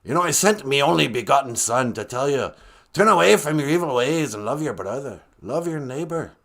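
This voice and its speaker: A man voicing a gruff male creator spirit who talks like a pirate, booming and fatherly. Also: expressive, fairly quick, fairly bright tone. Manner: booming, fatherly, calls others "me son".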